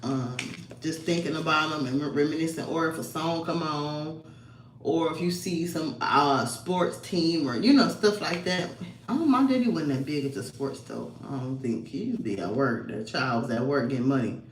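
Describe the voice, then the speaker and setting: A woman's voice: low-pitched, moderate pace, a little hiss or hum. Woman vlogger in an echoey room. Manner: rambling, emotional, fillers and laughs. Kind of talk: casual personal storytelling.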